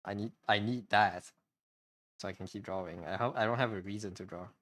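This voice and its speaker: Hesitant, rambling low-voiced man. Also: fairly even intonation, a little fast, fairly bright tone, no echo. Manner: hesitant and rambling, with frequent restarts and repeated words. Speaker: streamer and artist. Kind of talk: casual live-stream chat while drawing.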